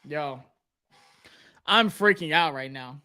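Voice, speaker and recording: A young man hosting a live sports draft reaction stream, nervous and excited, talking to himself and his viewers. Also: on the high side, slow pace, smooth. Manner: anxious, excited, talks to himself. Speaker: sports livestream host.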